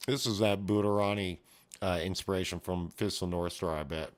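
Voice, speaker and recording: A man's voice: low-pitched, steady tone, brisk. A man giving casual, rambling commentary while reading a comic aloud, making his own sound effects. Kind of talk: casual read-along commentary.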